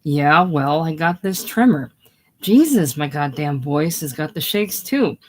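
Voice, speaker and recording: Reader plays boastful blustering young vet, unhurried and defensive. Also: medium pitch, animated, a little hiss or hum, natural voice. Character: boastful brash young male war buddy. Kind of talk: casual play reading.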